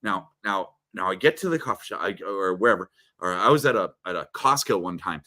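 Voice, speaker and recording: A man chatting as an interview guest, telling a story with lots of repeated words and sudden swings between loud and soft. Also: sits low, animated, brisk. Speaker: guest speaker. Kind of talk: casual interview chat.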